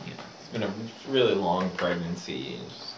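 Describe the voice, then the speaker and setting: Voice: sits low, fairly quick. A speaker telling a long joke aloud in a classroom, rambling with many fillers. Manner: rambling with many fillers, building to gleeful excitement. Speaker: joke teller. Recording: roomy, distant, noisy room recording.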